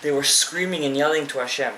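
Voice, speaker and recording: A man's voice: fairly high pitch, fast talker, pushed and bright, roomy sound, slight background noise, poor audio. A male rabbi giving a live Torah class, passionately addressing his listeners directly and mixing in Hebrew terms.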